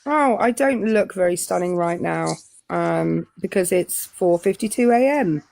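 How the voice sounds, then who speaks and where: A woman's voice: lowish voice, lively intonation, unhurried, vocal fry, darkish tone, no room sound. A woman with a Southern English accent co-hosting a live stream, chatting casually and rambling with many ums and uhs. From England. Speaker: co-host.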